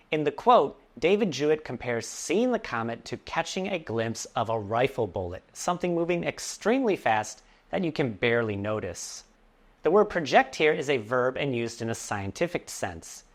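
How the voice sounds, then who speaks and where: In a mid-range voice, an English teacher delivers a scripted vocabulary lesson, explaining each word slowly and clearly and tossing in playful asides.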